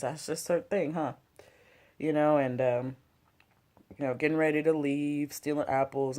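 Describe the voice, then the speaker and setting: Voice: mid-range voice, darkish tone. A host reviewing a TV episode in casual chat, loose and slangy, full of "like" and "you know" and some swearing, with a drink and a smoke at home. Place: home, smoking and drinking while talking.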